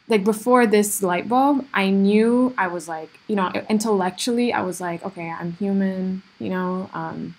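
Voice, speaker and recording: Solo podcast host, woman, earnest and reflective, breathy tone, filler-heavy delivery. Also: mid-range voice. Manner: heavy use of "like" and "you know" fillers, earnest, self-reflective.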